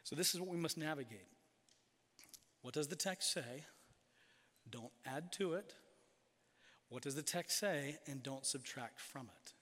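A man preaching a sermon as a pastor, emphatic, slowing down to stress key phrases. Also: on the high side, lively intonation, a bit bright. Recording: long reverb of a large hall.

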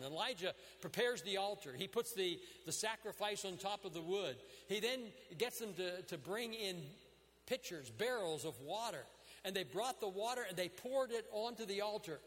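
A man's voice: high-pitched, a bit bright. Male preacher, earnest and dramatic in his retelling, voice ringing with long reverb. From United States. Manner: earnest storytelling with dramatic quoted prayers. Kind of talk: sermon.

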